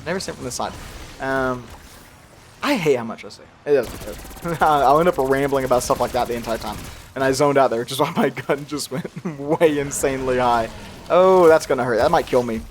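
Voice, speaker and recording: Young man, slight accent, casual gameplay commentary, rambling and self-deprecating, mid-pitched voice, faint background hiss. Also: normal speed. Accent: slight regional accent he tries to hide. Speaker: gaming youtuber.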